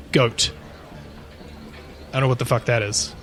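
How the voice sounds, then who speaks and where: A man with a fairly high speaking voice tells a creepy story to his co-host. He rambles, restarts and swears freely in a loose, chatty way. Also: measured pace, long pauses, fairly bright tone. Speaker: podcast co-host. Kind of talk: casual storytelling chat.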